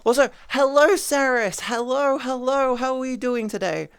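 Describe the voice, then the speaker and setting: A woman in her early thirties streaming casual chat with viewers, playful and teasing, jumping from high squeals to low mutters. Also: normal speed, clear, resonant tone, no echo, clean studio sound. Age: 30s.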